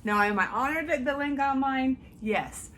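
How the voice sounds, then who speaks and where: A woman's voice: high-pitched, moderate pace, a bit bright. A woman bantering playfully in a casual chat among friends. A faint background noise fills the room. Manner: playful, joking interjections. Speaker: podcast co-host. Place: hotel room.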